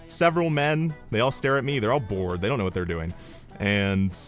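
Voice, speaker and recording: Casting: low-voiced male streamer, rambling comic storyteller, faint music underneath. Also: moderate pace. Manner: rambling, animated, deadpan asides. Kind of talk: comedic storytelling.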